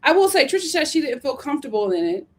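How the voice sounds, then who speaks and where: A woman's voice: high-pitched, fast. Sassy woman recapping reality TV. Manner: sassy, animated, laughs often. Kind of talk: casual recap chat.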